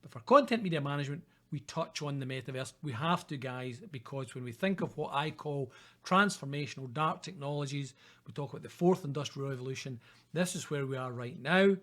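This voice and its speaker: A man's voice: medium pitch, brisk, a bit bright. A middle-aged man with a Scottish accent giving a recorded university lecture in a chatty, informal way, often checking in with "okay?" and "guys".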